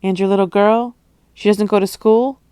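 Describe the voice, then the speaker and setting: A woman's voice: medium pitch, fairly even intonation, normal speed, dark tone, smooth, no room sound, studio quality, lightly acted. A woman reading aloud voices a charming, wealthy male entrepreneur with a melodious, affectionate and teasing manner. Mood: smooth, coaxing. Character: charming wealthy adult male jungle entrepreneur, smooth-talking.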